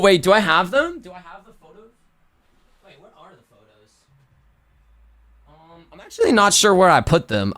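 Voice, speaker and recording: A male streamer talks casually with his chat, with loose slang and frequent self-corrections. His voice sits high for a man. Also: a bit bright. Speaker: livestreamer.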